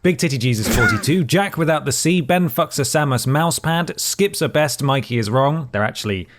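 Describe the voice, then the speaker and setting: Dry podcast co-host. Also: male voice, on the high side, expressive, a little fast, background noise. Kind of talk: casual podcast banter.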